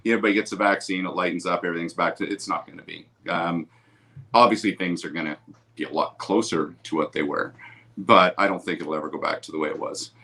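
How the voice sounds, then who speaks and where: A man guest on a video call from home, telling animated stories and laughing often. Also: low-pitched, fast. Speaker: guest, photographer. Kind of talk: casual storytelling on a video call.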